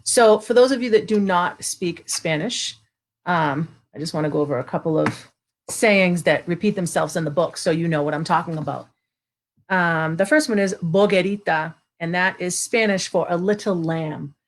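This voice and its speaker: A woman's voice: on the low side, normal speed. A woman hosting a live story time, chatting with viewers and then reading a children's tale aloud expressively. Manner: chatty, greets viewers by name, reads expressively. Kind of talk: casual live-stream chat and read-aloud.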